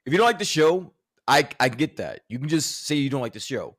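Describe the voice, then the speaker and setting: Guy arguing his side, mid pitch, keeps repeating words, cusses, dry mic. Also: animated, a little fast, fairly bright tone, no echo. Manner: repeats words, stammering restarts, profane. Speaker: podcast co-host. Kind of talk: casual debate.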